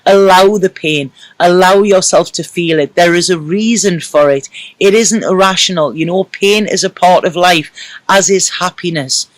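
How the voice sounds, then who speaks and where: A man's voice: high voice, moderate pace, dry recording. A man giving a casual, emotional tarot reading to camera, reassuring and rambling with many fillers. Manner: emotional and reassuring, full of "you know" fillers. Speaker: tarot reader.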